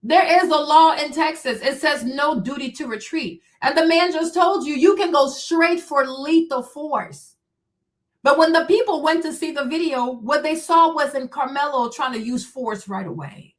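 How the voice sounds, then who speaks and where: High-voiced woman ranting on a stream. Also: normal speed, hardly any pauses. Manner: confrontational, mocking, profane; rhetorical questions, answers herself. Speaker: streamer host. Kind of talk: live-stream rant answering chat.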